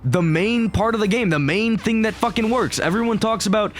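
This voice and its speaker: Excitable, foul-mouthed gaming commentator man. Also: high voice, fairly quick. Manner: excitable, profane, rambling. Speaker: gaming YouTuber. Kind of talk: casual gameplay commentary.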